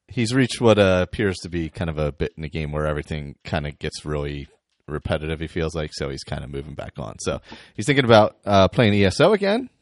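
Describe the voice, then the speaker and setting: A man with a very deep voice reads listener emails on a podcast, his delivery swinging up and down with lively pitch. He is a little out of breath, laughs easily and trips over his words now and then. The sound is close and dry. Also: a little fast, dry recording. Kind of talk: casual podcast chat, reading aloud.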